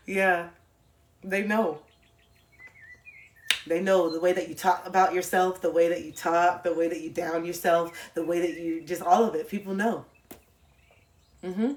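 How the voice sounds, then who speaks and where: A woman's voice: on the low side, normal speed. A woman on a livestream giving a blunt, profane motivational talk, repeating points for emphasis and laughing often.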